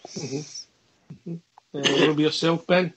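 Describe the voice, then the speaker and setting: Husky man steering a fan chat. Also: on the high side, steady tone, slow, a bit bright, poor audio. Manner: questioning, steering the talk. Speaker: fan radio host. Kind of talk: casual chat.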